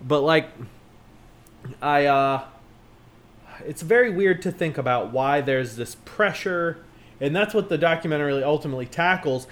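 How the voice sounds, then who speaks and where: A man chatting casually as a podcast co-host, joking and animated, jumping up in pitch for emphasis. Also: moderate pace, long pauses. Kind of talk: casual chat.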